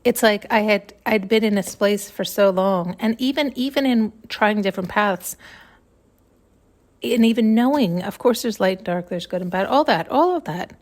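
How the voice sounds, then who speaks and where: A woman's voice: medium pitch, moderate pace. A woman hosting a podcast, thinking aloud in a rambling, searching monologue, restarting her sentences and close to tears at times. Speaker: podcast host. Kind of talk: intuitive musing monologue.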